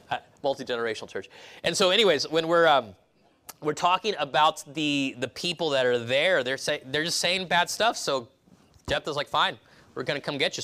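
Bright-voiced man preaching conversationally. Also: medium pitch. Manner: rambling, conversational, many restarts and asides; acts out quoted voices. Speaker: pastor. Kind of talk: casual expository sermon.

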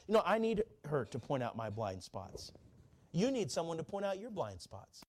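Preacher, male, fervent sermon delivery, pitched a bit high, drawn-out repeated lines. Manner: fervent, climbs to high shouting peaks; slows right down for repeated key lines.

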